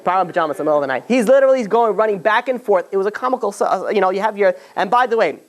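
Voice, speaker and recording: A man teaching a class, telling the story informally, with many restarts and "you know"s, and growing animated at the lively moments. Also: high voice, racing. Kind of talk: informal storytelling lesson to students.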